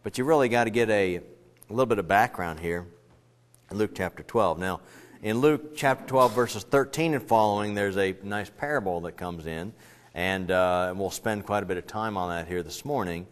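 A man's voice: on the low side, moderate pace. A male pastor preaching a sermon in a conversational way, full of rambling asides, little jokes and restarts.

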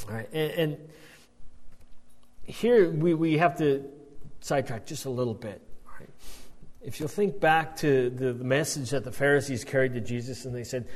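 A man's voice: mid-range voice, normal speed, long pauses. A man teaching verse by verse from the Bible, explaining as he goes and often checking in with his listeners. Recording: long hall reverb.

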